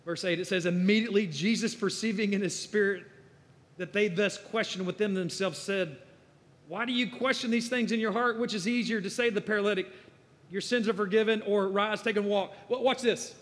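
A man delivers a sermon in a higher-pitched voice that echoes through a church hall. He talks conversationally, builds to emphatic bursts, then drops low and quiet. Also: fairly even intonation, brisk. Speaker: guest preacher. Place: church sanctuary.

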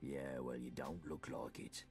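An actor playing a gruff, streetwise male wasteland survivor in a video game. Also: rumbling low, fairly even intonation, unhurried, a little mellow, faint music behind. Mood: wry.

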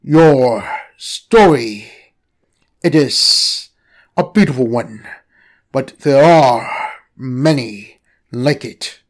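A man voicing a calm, mysterious talking snake, with a slow, measured and hushed delivery. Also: mid-range voice, voice pushed down, exaggerated voice. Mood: ominous calm.

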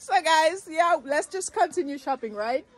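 A young woman vlogging casually while shopping, chatty and excitable, laughing often. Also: sits high, moderate pace. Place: shopping mall.

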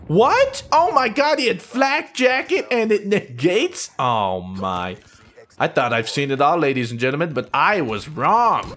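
A man giving jokey, self-mocking commentary over his own shooter gameplay, often shouting in surprise. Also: fairly high pitch. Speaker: gaming YouTuber.

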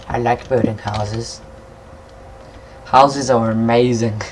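A young man giving casual, rambling let's-play commentary, excitable and swearing at monsters. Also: medium pitch, takes it slowly, long pauses, a little hiss or hum. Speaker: gameplay commentator.

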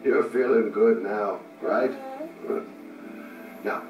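An actor playing a middle-aged detective, speaking softly and coaxingly to a baby, in a video game. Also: male voice, on the low side, drawn-out words, muffled recording. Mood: tender. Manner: soft, coaxing baby talk. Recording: roomy, distant game audio with music.

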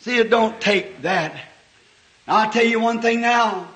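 A man preaching a sermon at a church service, swinging from hushed, folksy talk to sudden impassioned shouts. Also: high-pitched, measured pace. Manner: folksy, homespun phrasing. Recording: echoey old church sermon recording.

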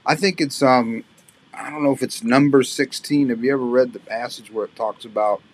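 A man's voice: mid-range voice, fairly even intonation, fairly quick. A man hosting a podcast, reacting with enthusiasm and chatting casually. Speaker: podcast host. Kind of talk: casual chat.

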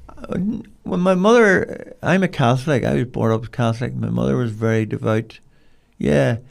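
A man's voice: mid-range voice, normal speed, gravelly. An older man, a podcast guest telling rambling, colloquial stories in a casual interview. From Cork, Ireland.

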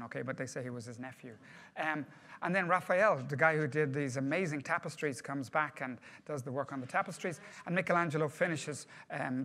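Male trainer, brisk delivery, slightly high voice, chatty presenter who quizzes the room. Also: a bit bright. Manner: conversational, questions the audience. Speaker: project management trainer. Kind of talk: workshop presentation to a group.

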